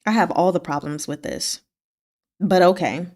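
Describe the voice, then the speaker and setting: A woman hosting a casual book chat, recapping chapters in a chatty, wry way, laughing often and acting out quick lines from the story. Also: on the low side, darkish tone. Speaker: book discussion host.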